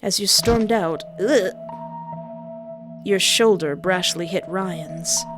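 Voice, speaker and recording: A woman's voice: fairly low pitch, slow pace. A woman reading a second-person story aloud and breaking off with playful comments of her own. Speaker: story reader. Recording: background music under voice.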